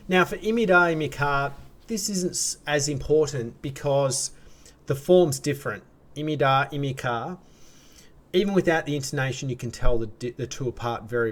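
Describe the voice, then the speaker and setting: Australian man teaching a casual lesson. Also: a little high. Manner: relaxed, chatty, frequent restarts and fillers. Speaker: language teacher.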